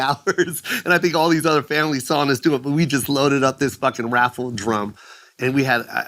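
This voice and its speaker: A man's voice: mid-range voice, sharp tone. A middle-aged man from the United States tells an emotional story in casual chat, swearing often and acting out his mother's voice. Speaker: comedian guest.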